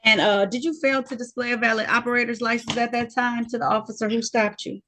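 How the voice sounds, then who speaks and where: A woman's voice: fairly high pitch, steady tone, quick pace, fairly bright tone, a little hiss or hum. A woman serving as judge in a court hearing held over a video call, talking in a firm, direct and sometimes scolding way.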